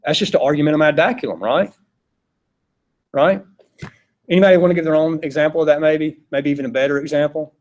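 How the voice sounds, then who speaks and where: Southern teacher lecturing in a classroom, slightly high voice, keeps asking "right?". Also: male voice, fast talker, long pauses, a little mellow. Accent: Southern US, Georgia. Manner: conversational, peppered with rhetorical "right?" checks. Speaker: philosophy teacher.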